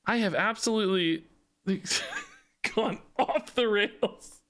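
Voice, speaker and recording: A man streaming a card game, talking fast in an exasperated, animated rant with frequent laughs and repeated words. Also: high-pitched.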